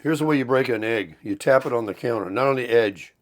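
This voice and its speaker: A man's voice: medium pitch, fast talker, slight background noise. Chatty middle-aged man rambling while cooking. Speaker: vlogger. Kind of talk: casual morning vlog chat. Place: home kitchen, RV.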